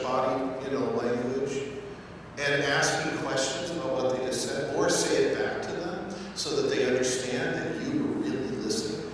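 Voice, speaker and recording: A man's voice: medium pitch, slight background noise. Man preaching in an echoey hall. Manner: conversational, joking, addresses the congregation directly. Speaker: pastor. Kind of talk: sermon. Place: church sanctuary. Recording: echoey church hall, mic at a distance.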